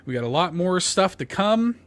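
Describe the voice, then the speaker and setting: A man hosting a casual gaming podcast, chatty and quick to laugh. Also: high voice, sing-song. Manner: laughs often, loose and chatty. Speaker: podcast host. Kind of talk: casual chat.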